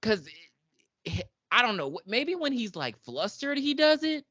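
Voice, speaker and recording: A woman in her twenties co-hosts a podcast, casually recapping an episode while laughing and acting out characters' lines in voices. She is animated, with a slightly high voice at a moderate pace. The audio is dull but has no echo.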